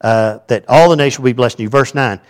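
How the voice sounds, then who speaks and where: A man preaching a sermon in a conversational, animated way. He rises to loud, emphatic points, then drops to quiet asides. His voice sits in an ordinary middle range for a man. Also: mid-range voice, fast talker, clear, resonant tone. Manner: animated, conversational preaching with big swings in loudness. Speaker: pastor.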